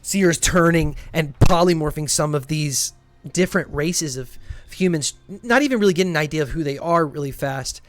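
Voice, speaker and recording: A man's voice: fairly high pitch, fairly quick, no room sound. A man narrating a fantasy tabletop game as game master, describing scenes vividly and in gory detail.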